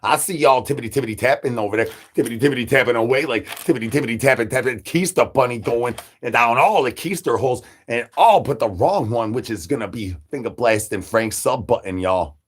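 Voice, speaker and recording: With a medium-pitched, breathy voice, a streamer talks fairly quickly and with few pauses, addressing his chat directly. The banter is rambling and crude, full of repetitive jokes.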